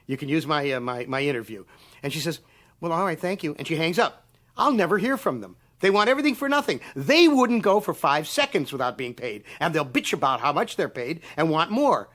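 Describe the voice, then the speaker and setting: Older male writer in his seventies, high-pitched, furious sarcastic rant, swears freely, mimics others. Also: sing-song, fairly quick, a bit bright. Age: 70s. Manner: angry, sarcastic, profane ranting; acts out the people he quotes. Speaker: interviewee, writer. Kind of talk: documentary interview rant.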